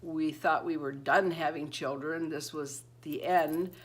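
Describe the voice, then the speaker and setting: A woman's voice: sits low, steady tone, measured pace, slightly rough. A retired woman in her fifties chats to camera about married life. She rambles from one thought to the next, laughs often, and acts out the voices of people she quotes. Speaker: beauty vlogger. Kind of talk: casual chat to camera.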